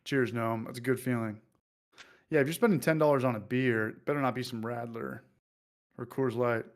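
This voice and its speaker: A man's voice: medium pitch, fairly even intonation, moderate pace. A man casually hosting a livestream, joking loosely and reading out viewer comments. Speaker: livestream host.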